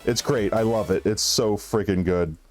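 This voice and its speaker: Guy streaming a game, rambling and chatty, bit of music in the back. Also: lowish voice. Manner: chatty, rambling, quick asides. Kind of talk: casual gaming chat.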